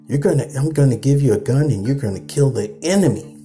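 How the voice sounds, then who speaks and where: A man's voice: medium pitch, expressive, quick pace, dark tone, faint music behind, voice pushed up, close to an everyday voice. A man playing a blunt army recruiter. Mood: pushy. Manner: pushy, matter-of-fact. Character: blunt male military recruiter ordering a draftee.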